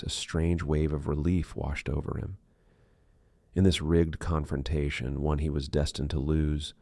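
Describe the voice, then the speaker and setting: A man reading an audiobook thriller in measured, dark scripted narration. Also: low-pitched, creaky, dry recording, studio quality.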